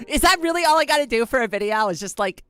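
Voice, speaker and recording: A woman's voice: on the high side, expressive, fast talker, fairly bright tone. A woman streamer chatting casually with her viewers, giggly and playful, often laughing at herself. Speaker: live streamer.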